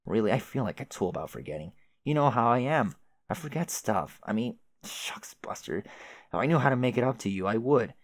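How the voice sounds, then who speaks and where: A man's voice: medium pitch, expressive, fairly quick, no echo, close to an everyday voice. A man voicing a chatty, oblivious young male adventurer who rambles with old-fashioned folksy exclamations. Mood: confused.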